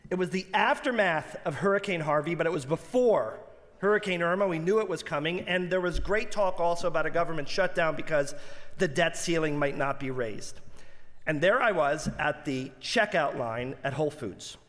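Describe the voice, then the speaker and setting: A rabbi delivers a holiday sermon in a high, carrying man's voice, spinning stories with animated flair. The sound rings with the long reverberation of a large sanctuary. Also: moderate pace. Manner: animated storyteller, rising high and loud for quoted outbursts.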